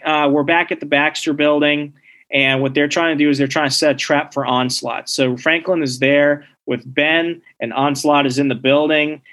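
A man co-hosting a relaxed podcast, walking through a comic plot with animated energy. His voice sits a touch higher than most men's, and he slips into the characters' lines as he goes. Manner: animated storyteller, acts out character quotes. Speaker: podcast co-host recapping comics. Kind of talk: casual chat.

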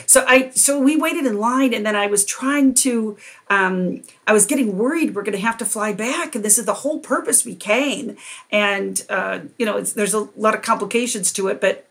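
A middle-aged woman tells a long personal story as a podcast guest. She sounds animated and laughs often as she talks. Her voice sits at an ordinary, medium pitch. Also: normal speed. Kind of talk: storytelling in a conversation.

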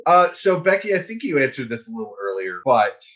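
A man hosting a casual podcast discussion, talking in an animated way with swearing and quick asides. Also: medium pitch, highs cut off. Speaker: podcast host. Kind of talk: casual chat.

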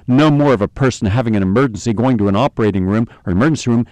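A man's voice: mid-range voice, rapid-fire, few pauses, a little mellow, no echo. A middle-aged American man delivering an impassioned, angry monologue as a radio host. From United States. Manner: angry, ranting, emphatic.

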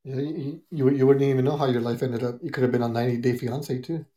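A man's voice: medium pitch, steady tone, quick pace, mellow. A man talking as a guest in a casual chat, joking crudely and dropping Spanish slang, heard through a phone headset.

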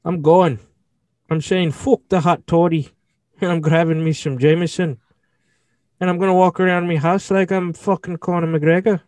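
A man's voice: on the high side, fairly even intonation, moderate pace, a little mellow, no room sound, voice pushed up, natural voice. A man putting on a clumsy Irish accent, boisterous and swaggering.

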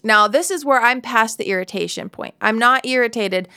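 Smooth-voiced woman sharing a devotional story. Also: fairly high pitch, normal speed, sharp tone, dry recording, studio quality. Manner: candid storytelling with laughs and asides. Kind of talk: devotional Bible teaching talk.

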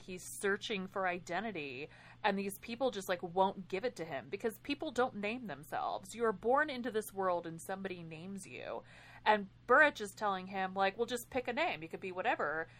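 A woman co-hosting a podcast, talking about a book in an animated way and laughing often. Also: medium pitch, normal speed. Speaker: podcast co-host. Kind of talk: casual book discussion.

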